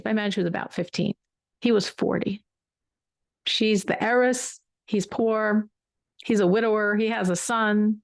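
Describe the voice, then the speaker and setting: Woman, Torah teacher, storytelling class, emphatic repetition, gravelly edge. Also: mid-range voice, no echo, clean studio sound. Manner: emphatic, repeats words for weight.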